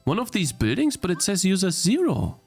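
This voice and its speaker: A man's voice: high voice, wildly swooping pitch, moderate pace, gravelly, a little mellow, husky, soft background music. A young man streaming a game he is playing, thinking aloud, restarting his sentences and getting easily frustrated. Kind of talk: live-stream gameplay commentary.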